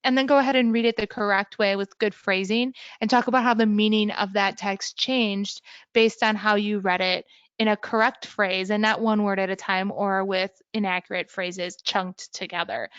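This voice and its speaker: A woman giving an instructional talk to teachers, clearly explaining how to teach reading skills step by step. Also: mid-range voice, normal speed, a bit bright, no echo, lo-fi sound. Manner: clear, explanatory, modeling sample lesson language. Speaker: teacher educator.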